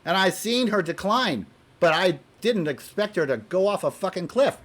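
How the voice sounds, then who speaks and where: Talking to camera at a normal speed, a video blogger with a notably high voice vents his opinions in an animated, heated, swear-filled tirade. Frustration makes him stumble and say things twice, and he alternates between shouting and muttering quietly to himself.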